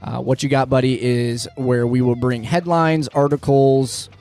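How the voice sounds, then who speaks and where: A man hosting a casual podcast in a small studio, upbeat and jokey, talking in quick bursts. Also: medium pitch, fairly even intonation, darkish tone, soft background music. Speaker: podcast host.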